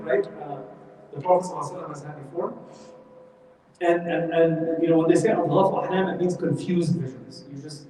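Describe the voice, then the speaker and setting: A man teaching a Quran study class, telling the story in a lively way and acting out what the people in it say. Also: on the high side. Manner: animated storytelling, acts out quoted speech. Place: mosque hall. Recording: echoey hall from far off.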